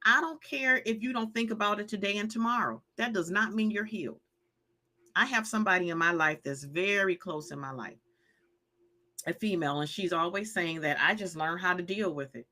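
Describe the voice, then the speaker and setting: Woman in her 50s doing a live stream, bright tense voice, preachy and pushy, keeps repeating herself. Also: mid-range voice, normal speed. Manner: emphatic, preachy, repetitive, reads chat comments aloud. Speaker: live show host giving healing advice. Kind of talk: live-stream talk to viewers.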